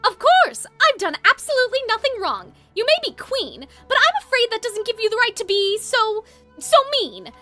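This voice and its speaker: Woman doing a polite storybook English girl, high, attempted British accent. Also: sing-song, normal speed, pushed and bright, faint music behind, exaggerated voice. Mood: prim.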